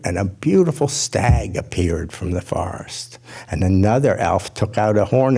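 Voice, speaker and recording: Slow, gravelly male storyteller. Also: fairly low pitch, lively intonation. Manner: measured, gentle storytelling.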